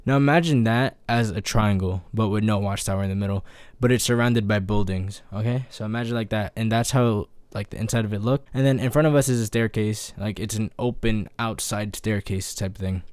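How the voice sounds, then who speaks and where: A young man tells a casual story in a vlog, acting out each person he quotes with quick jumps in his voice. His pitch sits in an ordinary middle range. The sound is dry and close. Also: clear, resonant tone, dry recording. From New York. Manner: animated, acts out quotes with voice shifts and sound effects.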